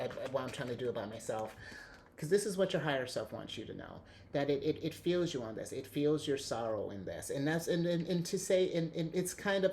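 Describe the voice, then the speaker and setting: A man giving a casual tarot reading, excitable and rambling, often restarting his sentences and laughing. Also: mid-range voice, a little hiss or hum. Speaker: tarot reader.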